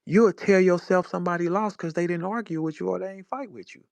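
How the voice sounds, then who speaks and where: A rapper from St. Louis, USA, in his forties, rants over a phone in an online audio chat room, confrontational and profane. His voice is high, gravelly, and darkish, he talks fast, and there is no room sound.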